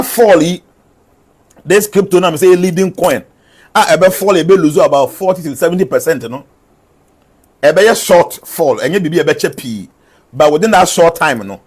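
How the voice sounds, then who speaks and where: Man reading numbered forecasts. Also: fairly high pitch. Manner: repeats each prediction, switching between English and local language. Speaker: prophetic forecaster. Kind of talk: numbered predictions mixed with local-language asides.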